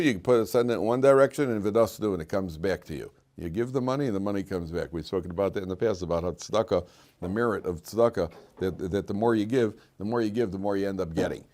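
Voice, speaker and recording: Joking, rambling rabbi teaching a class. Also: male voice, on the low side, a little mellow. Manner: joking, rambling with many restarts and fillers. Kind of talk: informal Torah class.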